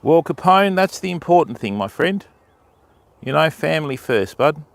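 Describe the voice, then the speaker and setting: A man's voice: fairly high pitch, sing-song, moderate pace, vocal fry, no echo. An Australian man chatting casually to viewers on a phone livestream from a riverbank, greeting them by name in a matey way. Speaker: fishing livestreamer. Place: riverbank outdoors.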